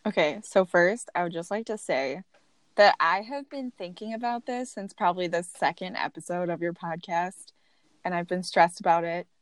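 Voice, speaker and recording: A young woman in her twenties, a podcast guest chatting casually, bubbly and quick to laugh. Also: lowish voice, dry recording. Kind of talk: casual chat.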